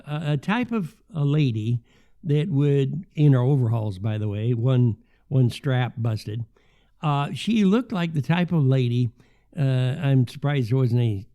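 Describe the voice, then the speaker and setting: A man's voice: mid-range voice, mellow. An older man hosting a podcast, telling a rambling, wry, folksy story from his kitchen. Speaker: podcast host. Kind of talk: storytelling rant. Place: home kitchen.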